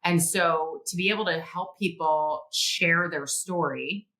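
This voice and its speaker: Middle-aged lady on a podcast telling stories, lively, laughs a lot, bright voice. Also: on the low side, unhurried, poor audio. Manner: animated, laughing storyteller, acts out quotes. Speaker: guest author and publisher. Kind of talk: podcast interview, storytelling.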